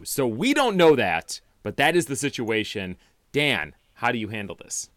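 A man co-hosting a podcast, telling game scenarios in an animated way and teasing his partner. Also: medium pitch, normal speed, no room sound. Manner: animated storyteller, wry teasing. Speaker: podcast co-host. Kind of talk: casual chat about tabletop game scenarios.

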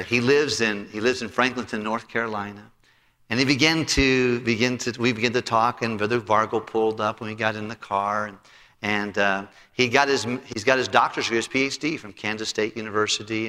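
A middle-aged male pastor preaching a sermon and telling a story, acting out both sides of a conversation in a lively way. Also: on the low side. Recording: long hall reverb.

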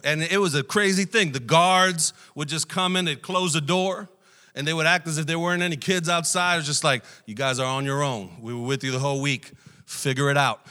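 A man's voice: a little high, pushed and bright. A male guest preacher telling a personal story in a sermon, animatedly acting out the voices of the people in it. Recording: long hall reverb.

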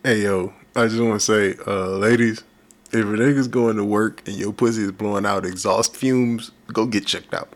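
A man co-hosting a podcast in casual chat, tossing out crude one-liners and laughing loudly. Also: fairly low pitch, steady tone, normal speed. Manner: joking sidekick with loud, swooping laughter and one-liners. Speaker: podcast co-host.

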